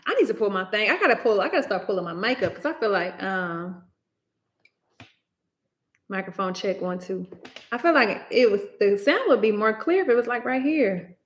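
A woman's voice: medium pitch, expressive, normal speed. A young woman hosting a casual livestream, chatty and exclaiming, often laughing, talking into a laptop microphone. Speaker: livestream host.

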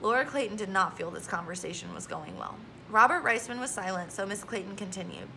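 A woman reading a children's novel aloud, gentle and expressive, lightly voicing the characters. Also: mid-range voice, a little fast, creaky, hardly any pauses, slight background noise. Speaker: audiobook reader. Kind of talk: storybook read-aloud with character voices.

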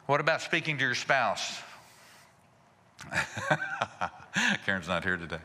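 A male pastor preaching a sermon in a folksy way, asking rhetorical questions and chuckling softly. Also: mid-range voice, very animated, measured pace, long reverb tail.

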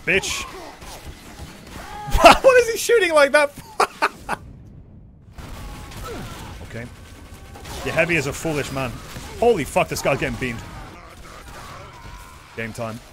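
A young man giving live, excitable commentary on his own gameplay as a streamer, swearing and yelling at the screen. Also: mid-range voice, noisy background. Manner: excitable, swears a lot, yells at the game.

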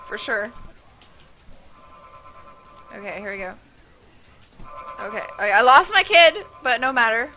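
Young woman game streamer, high voice, swears and yelps, dull lo-fi mic with faint hiss. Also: big pitch swings, measured pace, long pauses. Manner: swearing, shrieking panicked reactions. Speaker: gaming streamer. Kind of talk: live game commentary.

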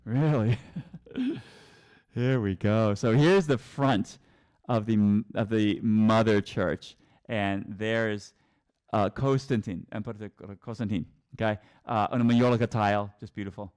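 Rambling, halting male tour guide. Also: on the low side, a little mellow. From New England. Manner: rambling, halting, with frequent restarts and chuckles. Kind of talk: casual narrated virtual tour.

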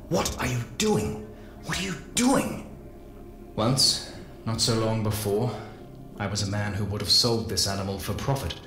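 Slow, solemn man reading lore. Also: lowish voice, a little hiss or hum. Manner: slow, solemn first-person narration. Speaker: narrator. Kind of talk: dramatic reading of a game lore journal. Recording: echoey with ambient music behind. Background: faint dark ambient music.

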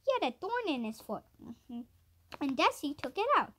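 A woman's voice: high-pitched, very animated, normal speed, pushed and bright, full character voice. A woman reading the lines of a polite, earnest older boy in her own voice.

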